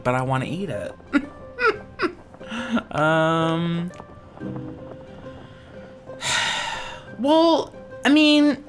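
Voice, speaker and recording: A woman giving excitable let's-play commentary, laughing a lot and swearing. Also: deep voice. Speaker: streamer. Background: game music.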